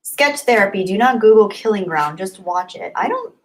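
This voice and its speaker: A woman hosts a relaxed livestream and reads viewer comments as they come in. She talks in an earnest, thankful way. Her answers ramble, with plenty of fillers and restarts. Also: mid-range voice, moderate pace. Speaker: YouTube livestream host. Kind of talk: casual chat reading viewer comments.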